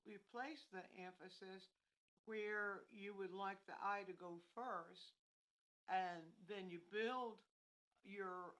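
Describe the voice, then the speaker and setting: A woman's voice: medium pitch, fairly bright tone, low-quality recording. A woman teaching painting on a livestream, explaining her points in a meandering way and thinking aloud with many restarts. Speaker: art instructor.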